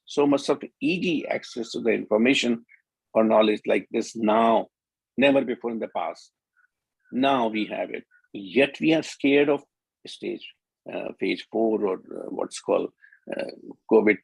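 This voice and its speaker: A man's voice: medium pitch, gravelly, breathy edge, dry recording, rough recording. A middle-aged man with an Indian English accent, giving an earnest conference talk and repeating words for emphasis. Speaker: speaker at a media conference.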